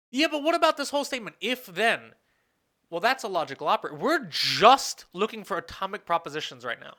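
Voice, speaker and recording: At a whiteboard, a professor gives a recorded lecture in a lively, bright voice with widely rising and falling pitch. They reason aloud, put questions to the class and answer them, and pause mid-sentence to restate phrases.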